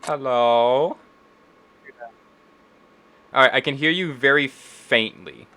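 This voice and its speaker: Male game master, bright voice, laid-back descriptive narration for an online tabletop game. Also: medium pitch, normal speed. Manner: descriptive, relaxed storytelling with frequent restarts. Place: home, online voice call.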